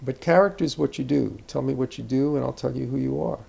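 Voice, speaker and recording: A man's voice: medium pitch, fast, gravelly, mellow, slightly rough. An older man, an acting teacher, speaking reflectively about character in a conversational interview, rambling with asides and restarts.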